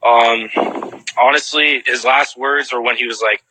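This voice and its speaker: A man's voice: medium pitch, steady tone, moderate pace, bright, forceful tone, slight background noise, low-quality recording. A man casually retelling what he witnessed and answering viewers' questions, rambling with lots of "like" fillers and restarts.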